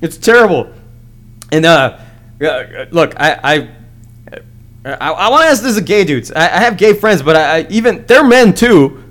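A man's voice: a little high, sing-song, normal speed, pauses often, fairly bright tone. Male solo podcast host; crude, rambling comic rant with lots of stammering restarts.

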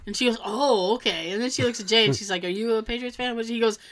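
A woman from Massachusetts co-hosting a casual chat show, telling stories in an animated way and acting out the people in them. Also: a little high, rapid-fire. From Massachusetts, USA. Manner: animated storytelling, acts out quoted people. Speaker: podcast co-host.

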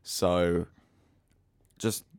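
A man co-hosting a podcast, loud and jokey, rambling in casual chat. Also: sits low, level tone, very slow, clean tone, no echo, clean studio sound. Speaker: podcast co-host. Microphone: close podcast mic.

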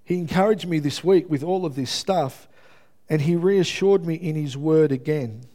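A man preaching a conversational sermon. He is earnest, checks in with his listeners with a quick "yeah?", and stumbles over his words as he builds intensity. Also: on the high side, warm tone. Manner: builds intensity, stumbles and repeats himself when moved.

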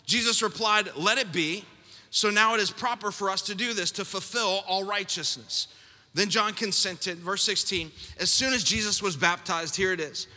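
In a large church hall, a middle-aged male pastor with a high, very bright voice preaches a sermon, and a long reverb trails his words. He's an animated storyteller who slips in playful, self-mocking asides.

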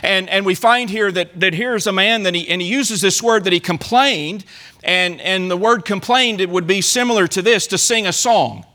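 A man's voice: high voice, normal speed, sharp tone. A man preaching a sermon in church, earnestly acting out the psalmist's pleas. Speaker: pastor.

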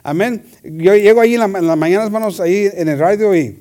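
High-voiced energetic preacher man. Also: very fast. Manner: energetic, punctuated with amen. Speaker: preacher on church radio. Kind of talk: bilingual sermon.

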